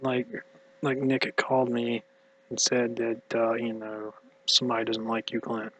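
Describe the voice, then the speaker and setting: A man rambling through a personal monologue in a tired, mumbly voice, halting and hushed, sometimes dropping to a whisper. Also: mid-range voice, monotone, low-quality recording. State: exhausted. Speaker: vlogger.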